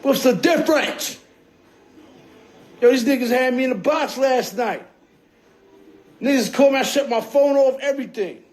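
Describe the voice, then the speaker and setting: A man's voice: very high-pitched, normal speed, pauses often. A man telling a story on a phone livestream, rambling and profane, and often checking in with his listeners. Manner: profane, streetwise, keeps checking in with "you heard?".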